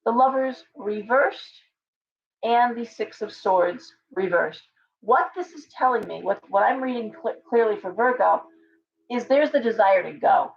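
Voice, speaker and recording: A woman's voice: on the high side, animated, a little slow, gravelly. A woman with a slightly raised voice reads tarot cards aloud for her livestream audience, rambling and restarting as she goes. The stream audio sounds dull and lo-fi. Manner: chatty and rambling, with frequent restarts and asides. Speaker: tarot reader, livestream host. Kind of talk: casual livestream tarot reading.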